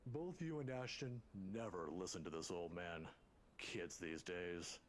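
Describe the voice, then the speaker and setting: An actor playing an inquisitive older male scholar in a game, gentle, teasing and formal. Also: sits low, unhurried, a little hiss or hum.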